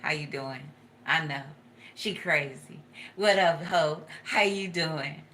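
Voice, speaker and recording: A crude young man mutters dismissive insults under his breath, as a woman imitates him. His voice drops low and soft, and he sounds offhand and sneering. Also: slow, slight background noise. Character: rude young man, mocking women.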